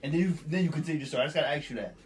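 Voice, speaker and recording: A man's voice: fairly high pitch, far from the mic, music in the background. A man hosting a casual interview, cutting in eagerly with follow-up questions. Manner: eager, jumps in with quick questions. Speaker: interview host.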